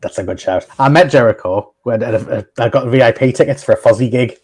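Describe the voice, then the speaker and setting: A man's voice: mid-range voice, fast, darkish tone, slightly rough. A man hosting a casual podcast chat, telling stories in a rambling, chatty way. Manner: chatty storyteller, frequent restarts and laughs. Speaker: podcast host.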